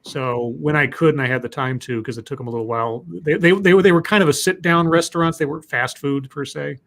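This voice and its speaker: A man's voice: on the high side, fast, fairly bright tone. A man hosting a casual live podcast, reading out chat questions and rambling with frequent restarts.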